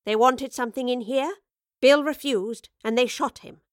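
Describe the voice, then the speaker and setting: Stern, guarded woman professor, read by a woman, clipped lines, higher register. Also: normal speed, no room sound, studio quality, lightly acted.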